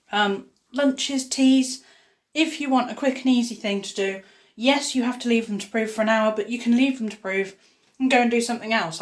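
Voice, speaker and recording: A woman chatting upbeat while cooking in her home kitchen for a casual vlog. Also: a little high. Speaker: YouTuber baking at home.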